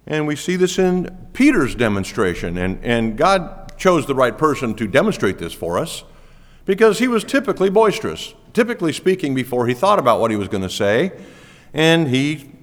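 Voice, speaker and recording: Animated male pastor preaching in a hall. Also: medium pitch, moderate pace. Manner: lively, animated preaching with laughs. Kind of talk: sermon. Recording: long reverb of a church hall.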